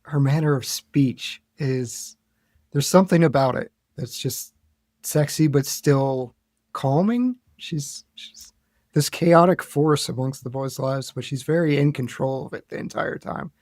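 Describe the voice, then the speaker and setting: A man guesting on a film podcast, talking in a relaxed, reflective way. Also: medium pitch, measured pace, no room sound, clean studio sound. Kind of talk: casual film review chat.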